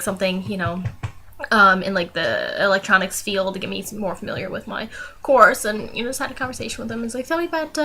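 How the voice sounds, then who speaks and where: Chatty young woman with a bright voice. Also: medium pitch, vocal fry, slight background noise. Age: young adult. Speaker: vlogger. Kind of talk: casual storytelling.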